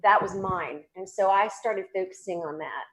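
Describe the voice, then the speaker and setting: A woman's voice: mid-range voice, moderate pace, fairly bright tone, poor audio. Southern lady on a podcast, earnest and spiritual, keeps restarting her sentences. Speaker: guest psychic medium. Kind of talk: casual interview talk.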